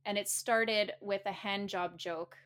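A woman's voice: mid-range voice, steady tone, a little slow, over a noisy crowd. A woman speaking casually to her listeners, telling a story with animation, laughing often and repeating phrases earnestly. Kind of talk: casual spoken talk to listeners.

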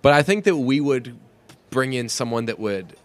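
A man's voice: mid-range voice, lively intonation, normal speed. A young man co-hosting a podcast in casual chat, rambling through stories and laughing often. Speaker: podcast co-host.

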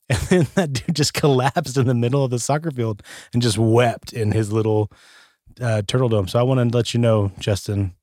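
A man's voice: medium pitch, fast, a little mellow, dry recording, studio quality. A man co-hosting a casual chat, telling a rambling story and laughing often. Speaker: podcast co-host.

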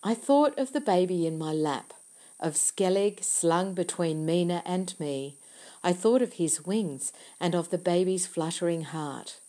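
A woman reading a novel aloud in the first person, with quiet, measured storytelling. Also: lowish voice, lively intonation. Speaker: audiobook narrator. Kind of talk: first-person audiobook narration.

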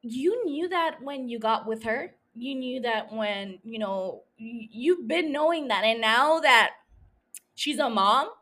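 A woman's voice: fairly high pitch, lively intonation, takes it slowly, bright, forceful tone. A young woman hosting her own podcast, chatting casually in a rambling, self-mocking way, swearing often and laughing. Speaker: podcast host. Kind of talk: casual solo podcast chat.

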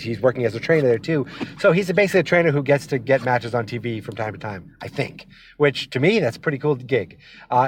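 A man's voice: medium pitch, a little hiss or hum. A man talking casually while driving, rambling and going off on tangents. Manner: rambling, tangent-prone, chatty. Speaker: wrestling vlogger. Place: inside a moving car.

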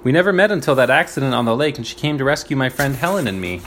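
A man reading aloud, voicing a calm, polite teenage girl detective who probes for information. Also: medium pitch, rapid-fire, slight background noise. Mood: composed. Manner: composed, polite, probing.

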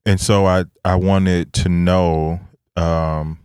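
A man with a very low voice hosts a laid-back talk show. He speaks reflectively, pausing often on fillers. The sound is dry and close. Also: clear, resonant tone, no echo. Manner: relaxed, reflective, many fillers and laughs. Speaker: podcast host. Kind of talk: casual chat.

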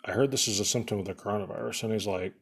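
A young male podcast host talks rapid-fire in a lowish, slightly rough voice with vocal fry. His casual chat is a storytelling rant full of "like," and he keeps laughing at his own jokes.

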